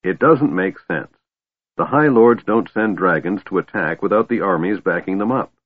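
A man voicing a gruff, suspicious old male dwarf who talks sternly and like a grandfather. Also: low-pitched, lively intonation, moderate pace, dry recording. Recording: tinny phone-like line, dry.

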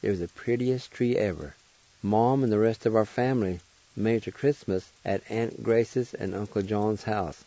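A man hosting a radio show, reading a story aloud in a calm, measured way and thanking the person who shared it. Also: fairly low pitch, dry recording. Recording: dull lo-fi radio sound.

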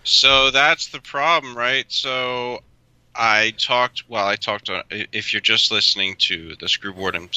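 A man's voice: medium pitch, unhurried, sharp tone, clear, resonant tone, dry recording, low-quality recording. A man hosting a podcast, asking probing questions with a few hesitant fillers. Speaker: podcast host. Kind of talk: interview questions.

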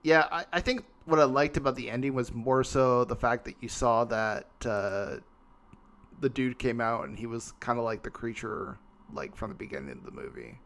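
A man in a relaxed movie-review chat, animated and full of hedges. His pitch jumps around as he trails off and restarts, reading comments from listeners and keeping the talk moving. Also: normal speed. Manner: animated, hedging with lots of "like" and "I don't know". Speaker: podcast host. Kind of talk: casual movie discussion.

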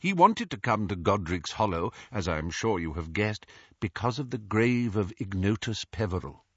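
A man reading the part of an old, remorseful male wizard mentor who speaks softly and haltingly. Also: on the low side, big pitch swings, breathy edge, dry recording, muffled recording. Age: older. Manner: soft, halting, confessional.

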